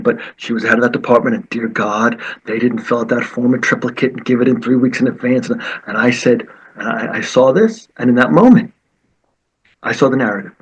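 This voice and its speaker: A martial arts teacher telling stories in conversation, acting out the quoted voices with lively energy. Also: male voice, medium pitch, breathy edge, lo-fi sound. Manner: animated, acts out quoted voices. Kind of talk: storytelling in conversation.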